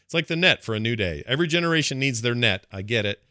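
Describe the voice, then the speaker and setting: A man co-hosting a casual movie chat, jokey and quick to laugh. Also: medium pitch, animated, pushed and bright, no echo, studio quality. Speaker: podcast co-host.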